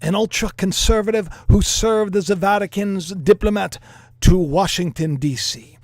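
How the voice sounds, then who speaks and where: A man's voice: high-pitched, darkish tone, no room sound. A man doing an Italian-accented church official. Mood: mock solemn. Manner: slow, drawn-out, halting.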